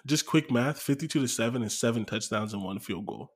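A man with a slightly husky, breathy voice co-hosts a casual sports podcast. He rambles through football scores, jokes around and laughs often. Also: mid-range voice, lively intonation, a little fast. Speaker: podcast co-host.

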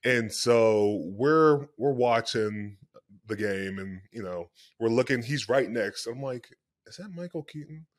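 A man hosting a podcast, telling a story in a casual, animated way and laughing as he talks. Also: medium pitch, slow. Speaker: host.

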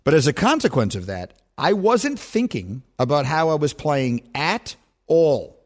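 Lively middle-aged male radio host. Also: on the high side, a little slow. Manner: chatty and self-deprecating, animated storytelling. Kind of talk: casual radio talk.

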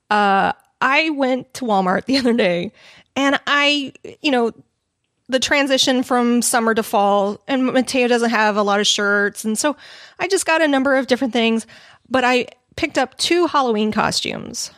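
A woman with a somewhat high voice recounts an everyday mishap in casual conversation. She laughs often and jumps up in pitch when quoting others. The sound is close and dry. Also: no echo. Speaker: podcast co-host. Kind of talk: casual chat, storytelling.

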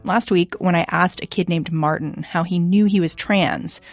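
A radio host narrating and interviewing in a calm, plain-spoken way. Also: medium pitch, normal speed, no room sound, faint music behind.

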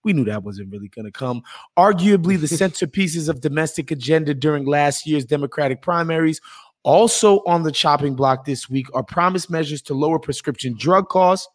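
A man hosting a podcast with casual political commentary, talking in an animated, sarcastic way. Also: a little high, a little fast. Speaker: podcast host.

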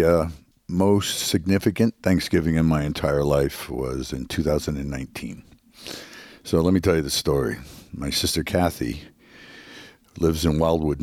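Very deep, husky man. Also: darkish tone, no echo, clean studio sound. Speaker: guest. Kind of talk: personal storytelling.

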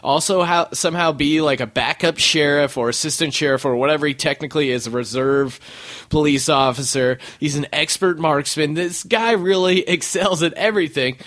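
A man's voice: on the high side, moderate pace, a bit bright. A man hosting a podcast in casual, rambling chat, laughing often. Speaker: podcast host.

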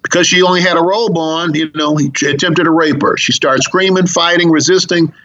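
In a dull, lo-fi interview recording, a middle-aged man who works as a police officer recounts a lengthy story. He keeps a steady, sharp tone at a fairly quick pace, but leaps in pitch when acting out the dialogue of the people involved.

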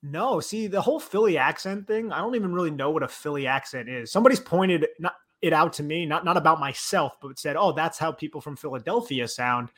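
Easygoing male co-host, slightly high pitch, halting casual delivery. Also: pushed and bright. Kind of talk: casual sports talk.

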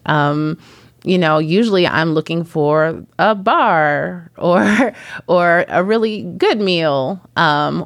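A woman in her thirties from Chicago, telling a self-mocking story in an animated, casual way. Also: deep voice, dry recording, clean studio sound. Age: 30s. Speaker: podcast guest.

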